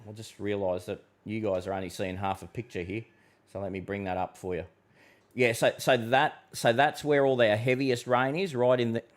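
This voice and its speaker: An Australian man hosting a live weather stream, reading out viewers' questions and answering in a blunt, casual way, calling people mate and bud. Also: mid-range voice. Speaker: weather forecaster host.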